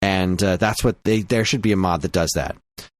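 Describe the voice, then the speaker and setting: A man's voice: low-pitched, a little fast, no echo. Rambling man telling a podcast story. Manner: rambling, storytelling, laughs often. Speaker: podcast co-host. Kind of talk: casual chat.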